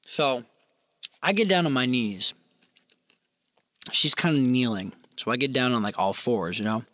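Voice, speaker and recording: A man's voice: medium pitch, unhurried, bright, forceful tone, dry recording. A man telling a crude, rambling comedic story in a casual ASMR storytelling style.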